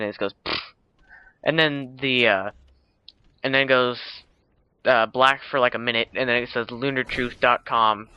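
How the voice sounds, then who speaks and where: A man's voice: mid-range voice, bright, forceful tone, slight background noise. Young guy rambling through a movie recap. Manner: rambling, many fillers and self-corrections. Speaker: video uploader. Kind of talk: casual movie recap vlog. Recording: dull lo-fi home recording.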